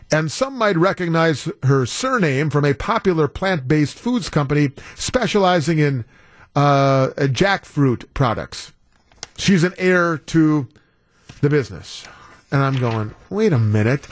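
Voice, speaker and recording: A man's voice: on the high side, no room sound, studio quality. A man guest-hosting a talk radio show, telling a story in a wry, incredulous way. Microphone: studio broadcast mic.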